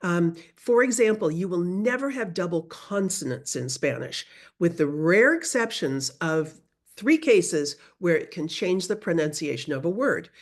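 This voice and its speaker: A middle-aged woman teaching a beginner Spanish class over a video call, modeling sounds slowly for students to repeat. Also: fairly low pitch. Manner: lively, drawn-out modeling of sounds for repetition. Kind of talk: online class instruction.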